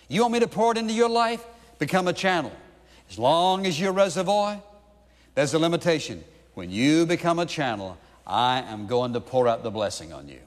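A man's voice: sits high, in a large hall. A man preaching a sermon, emphatic, with repeated rhetorical questions. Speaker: pastor.

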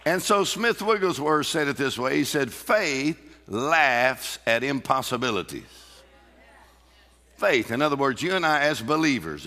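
A man preaching a fervent sermon, drawing the congregation into call-and-response and bursts of loud laughter. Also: mid-range voice. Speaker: pastor. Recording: reverberant hall.

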